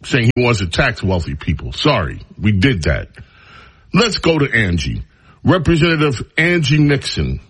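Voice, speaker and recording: A man's voice: mid-range voice, normal speed, husky. A male radio talk show host giving an opinionated, mocking monologue. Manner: mocking, drawling, animated.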